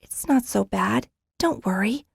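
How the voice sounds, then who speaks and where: A woman voicing a bold, eager young girl with the sight in an audiobook, proud and quick to exclaim. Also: fairly high pitch, dry recording, studio quality, voice pushed up. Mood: hushed. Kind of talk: audiobook character reading.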